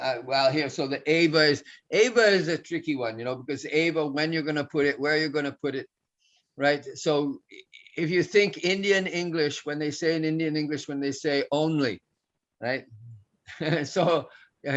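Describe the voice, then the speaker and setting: A man's voice: a little high, normal speed, a bit bright, muffled recording. A man teaching a Sanskrit class, patiently explaining grammar with many restarts and fillers.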